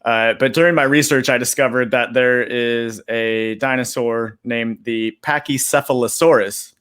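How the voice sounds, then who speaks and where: A man's voice: medium pitch, steady tone, unhurried, fairly bright tone, clean tone. A man telling puns on a video call, with long rambling setups and many fillers. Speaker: comedy guest. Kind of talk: casual pun telling.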